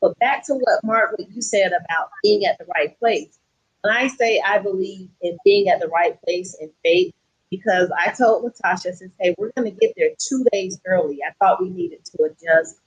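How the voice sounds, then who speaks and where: A woman with a Southern accent tells a travel story in a lively, casual way, acting out the voices of the people she met. Her voice has a slightly husky edge at a middle pitch. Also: normal speed, lo-fi sound. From Atlanta, USA. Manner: lively, acts out quoted voices. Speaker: guest.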